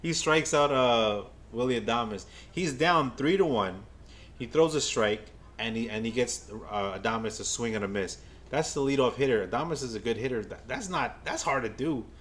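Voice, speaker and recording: A man in the middle of the usual pitch range doing loose, excitable fan play-by-play for a live chat. He trips over his words and repeats himself, then gets loud when a pitch impresses him. A faint hum of room noise sits behind his voice. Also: normal speed. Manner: excitable, stammering, talks to the chat. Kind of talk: casual live game watch-along commentary.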